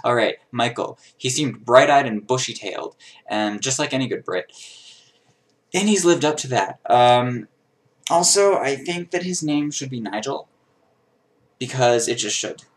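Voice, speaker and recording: A man's voice: mid-range voice, lively intonation, measured pace. A young man chatting casually to his camera in a bedroom, playful and self-mocking. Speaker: vlogger. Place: small bedroom being emptied.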